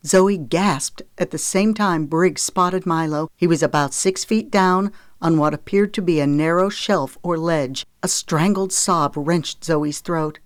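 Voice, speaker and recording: Audiobook narrator, steady measured reading, mid pitch, close dry mic. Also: no echo. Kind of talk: scripted narration of a romance novel.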